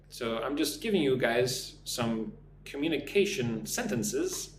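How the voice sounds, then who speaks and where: Man teaching English, lively pitch. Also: reverberant, a little hiss or hum. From United States. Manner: slow, clear drill phrasing for learners. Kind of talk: live-stream English lesson.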